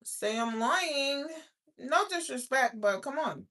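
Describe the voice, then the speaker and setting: Blunt, bright-voiced woman streamer. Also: high voice, slow. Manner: blunt, profane and animated, talking back to viewers. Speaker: livestream host. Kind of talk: casual live-stream chat.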